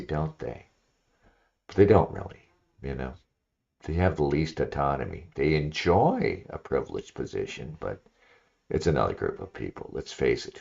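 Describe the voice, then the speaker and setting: A man's voice: a bass voice, gravelly, a little mellow. A man hosting a solo livestream, talking in a rambling, opinionated way with lots of "you know" fillers. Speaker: livestream host. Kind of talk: casual solo livestream monologue, reading aloud at times. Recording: slightly dull lo-fi stream audio.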